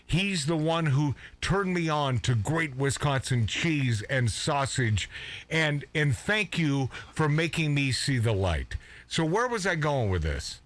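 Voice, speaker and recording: Male talk-radio host, rambling banter, bright and animated delivery. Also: fairly high pitch, slow. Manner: rambling, emphatic, repeats words. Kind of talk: casual radio show banter.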